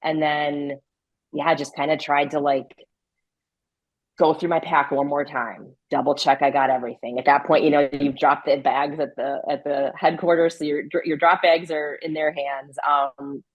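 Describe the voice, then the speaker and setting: A woman's voice: low-pitched, level tone, normal speed, no echo, lo-fi sound. A woman guest in a casual interview, talking with lots of fillers and frequent laughs. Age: adult with a grown daughter. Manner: chatty, filler-heavy, laughs often.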